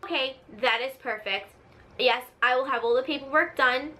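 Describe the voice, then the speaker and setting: A woman imitating her stern, fed-up mother, speaking firmly and deliberately. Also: high voice, bright, forceful tone. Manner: firm, deliberate, no-nonsense. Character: stern fed-up mother, firm and matter-of-fact.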